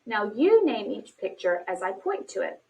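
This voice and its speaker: Woman narrator, bright animated delivery, encouraging and clear, recorded a bit off-mic. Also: medium pitch. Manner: slow, clearly paced, encouraging teacher talk. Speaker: instructional video narrator. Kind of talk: scripted instructional narration. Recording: distant from the mic.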